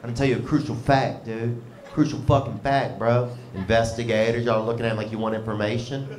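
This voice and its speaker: On a comedy club stage, a male stand-up comic delivers a rambling, laid-back set with a drawl and Southern slang. His mid-range voice is steady and brisk, and audience laughter fills the roomy club behind him.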